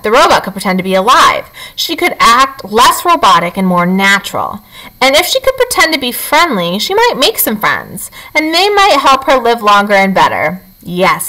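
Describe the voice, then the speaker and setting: Expressive woman reading a storybook aloud. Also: mid-range voice, low-quality recording. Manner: expressive, animated.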